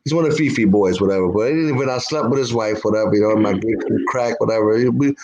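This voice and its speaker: A man's voice: on the low side, quick pace, a little mellow, dull audio. A man telling a long story in casual chat, full of swearing and stopping often on "whatever". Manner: profane, peppers speech with "whatever". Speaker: podcast co-host.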